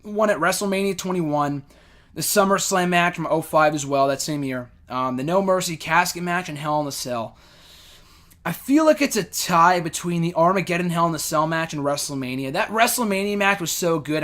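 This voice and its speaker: Hosting a laid-back show, this young man rambles through fan questions, packing in fillers and blunt takes. His voice sits a little high, moves fairly quickly, and has a fairly bright tone, all in casual chat.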